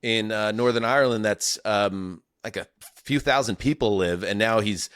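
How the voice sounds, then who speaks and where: A man's voice: fairly low pitch, normal speed, clean tone, dry recording, clean studio sound. A man hosting a sports podcast, chatting casually and jokily with many fillers. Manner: relaxed, many fillers, jokey. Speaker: podcast host.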